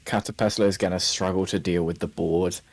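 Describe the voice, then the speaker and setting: A man co-commentating on a card game, breaking down the board in a measured, analytical way. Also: deep voice, steady tone, vocal fry.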